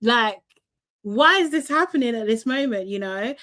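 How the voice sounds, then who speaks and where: A woman's voice: fairly high pitch, animated, moderate pace, bright, forceful tone. A young woman, chatting animatedly through a casual live recap and laughing often. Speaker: reality TV recap host.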